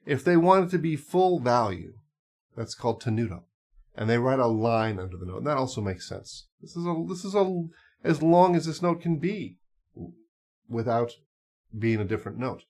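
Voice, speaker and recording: Male music teacher, mid pitch, easygoing explainer with fillers. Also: normal speed. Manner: relaxed, explains with asides and fillers. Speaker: clarinet teacher. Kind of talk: casual instructional talk.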